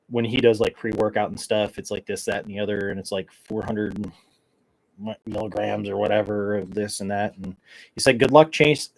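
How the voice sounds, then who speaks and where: A man with a lowish voice chatting alone on his podcast, rambling from one joke to the next. He sounds wired and loose, with lots of ums and restarts. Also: a little mellow, low-quality recording. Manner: rambling, joking, caffeine-wired, many fillers. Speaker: podcast host. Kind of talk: casual solo chat.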